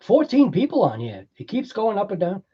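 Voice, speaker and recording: A man's voice: high voice, huge pitch swings, brisk, breathy edge, dull audio. A man with a Boston accent hosting a casual livestream, chatting with viewers, laughing often and rambling through explanations. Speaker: livestream host.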